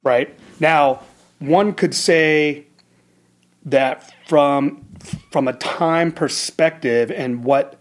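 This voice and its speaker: A man's voice: fairly high pitch, extremely slow. A man in his fifties from the United States, a former Navy SEAL officer, telling his story in an earnest, reflective way with frequent restarts. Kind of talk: casual conversational storytelling.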